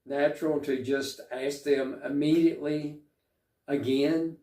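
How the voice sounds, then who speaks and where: A man preaching a sermon, reflective and unhurried, pausing often with fillers as he reads and explains scripture. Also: mid-range voice, mellow, roomy sound, recorded from a distance. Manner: slow, reflective, with frequent pauses and fillers.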